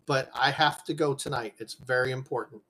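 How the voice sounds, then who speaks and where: A man voicing an earnest male merchant patron who bargains in a steady, insistent way. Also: mid-range voice, brisk, natural voice, rough recording. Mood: firm. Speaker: game master.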